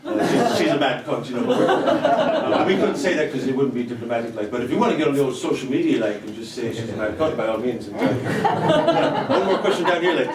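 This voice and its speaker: A man's voice: mid-range voice, very animated, fast, few pauses, over a noisy crowd, close to an everyday voice. A man playing a rambling, hesitant foreign minister, in a stand-up act. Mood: bumbling. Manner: bumbling, hesitant, repeats himself. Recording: roomy club from far off, audience laughter.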